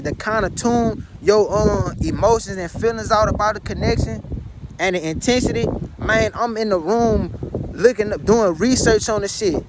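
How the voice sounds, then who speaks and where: High-voiced man pleading in a vlog. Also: background noise. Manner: pleading, repetitive, blunt and profane. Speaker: vlogger. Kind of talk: emotional personal monologue to camera.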